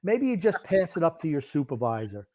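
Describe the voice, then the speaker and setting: A retired older man co-hosting a sports podcast, gruff and insistent, repeating his points. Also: on the high side, sing-song, brisk, darkish tone. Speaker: podcast co-host. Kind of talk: casual sports chat.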